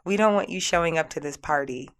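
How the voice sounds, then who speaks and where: A woman's voice: sits low, fast talker. A woman hosting a spiritual radio talk show, earnestly telling a personal story in a heartfelt, repetitive way, with music playing behind her.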